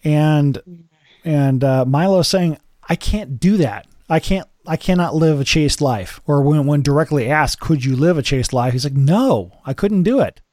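Halting man podcast co-host. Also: fairly high pitch, darkish tone, dry recording, clean studio sound. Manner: halting, searching for words. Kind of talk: podcast discussion.

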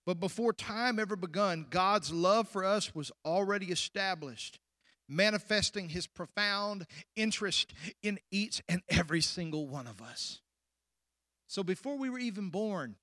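High-pitched preaching man, dry close mic. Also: no room sound. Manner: preaching with sudden rushes and drawn-out, hushed endings; questions the congregation directly. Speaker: pastor. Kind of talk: sermon.

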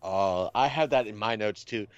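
A man's voice: lowish voice, normal speed, clear, resonant tone, no room sound. Male co-host, jokey and laughing, dry and slightly muffled recording. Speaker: podcast co-host. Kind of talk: casual recap chat.

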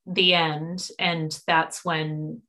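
A young woman chatting casually, telling a story with lively acted-out quotes and sudden jumps up in pitch. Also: extremely slow. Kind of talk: casual chat.

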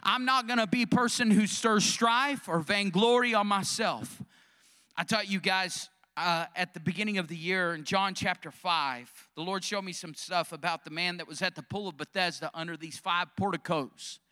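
A man's voice: high-pitched, moderate pace, pushed and bright. A male pastor preaching a sermon, calling out questions to the congregation.

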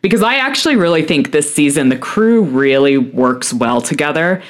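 A man's voice: a little high, expressive, normal speed. A man co-hosting a podcast, chatting easily with lots of "like" fillers and wry asides. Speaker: podcast co-host. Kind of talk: casual chat.

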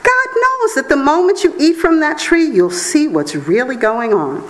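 A woman reading the lines of a sly, tempting male serpent in a slow, lowered, persuasive voice. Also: very animated, rough recording. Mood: coaxing.

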